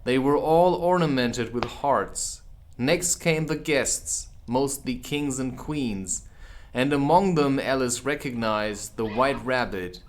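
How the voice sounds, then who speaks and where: A man reading a children's classic aloud as an audiobook, with casual asides. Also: mid-range voice. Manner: unhurried, expressive, drops in casual asides. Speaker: audiobook reader. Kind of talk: audiobook narration.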